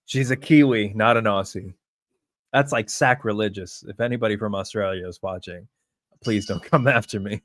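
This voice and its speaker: A man reacting live to a wrestling show, chatting to viewers and calling the action play by play like an excitable fan. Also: on the low side, moderate pace, slight background noise.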